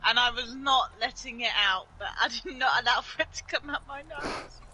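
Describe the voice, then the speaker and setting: A woman's voice: a little high, moderate pace, over a noisy crowd, poor audio. A woman co-streaming a game, teasing her friend playfully and laughing often. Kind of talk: casual gaming stream chat.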